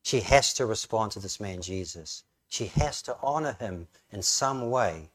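A man's voice: on the low side, expressive, unhurried, a bit bright. A man preaching a sermon, telling the story vividly and rising to emphatic questions. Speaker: pastor.

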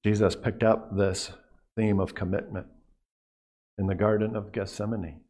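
A man preaching a sermon as a pastor, earnest, often dropping to a hushed voice on key phrases and repeating words as he goes. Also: fairly low pitch, level tone, measured pace.

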